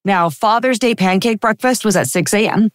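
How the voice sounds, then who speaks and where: A woman's voice: mid-range voice, moderate pace, dry recording. A woman in her fifties, a chiropractor guest on a podcast, telling personal stories in a reflective, anecdotal way with frequent fillers. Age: 50s. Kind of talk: casual interview storytelling.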